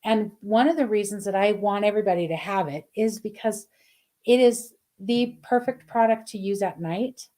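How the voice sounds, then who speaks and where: Brief: middle-aged woman, mellow tone, gushing live-stream card reader. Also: medium pitch, normal speed. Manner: effusive, chatty, reads viewer comments aloud. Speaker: spiritual card reader, host.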